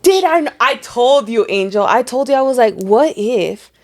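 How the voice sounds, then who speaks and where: A woman's voice: on the high side, animated, normal speed. A young adult woman co-hosting a podcast, reacting and chiming in during casual chat, mixing in Spanish phrases. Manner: reactive, switches between English and Spanish. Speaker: podcast co-host.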